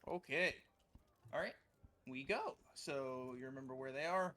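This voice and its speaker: A man running a live tabletop game as game master, joking and lively, sometimes trailing off mid-sentence. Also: medium pitch, measured pace. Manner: lively, joking, trails off while searching for words.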